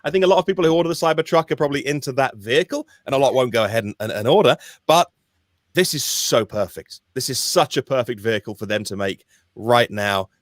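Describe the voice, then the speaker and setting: A man, co-hosting a podcast in casual chat, talking in an animated, emphatic way with frequent restarts. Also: medium pitch, quick pace, no room sound, studio quality. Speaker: podcast co-host.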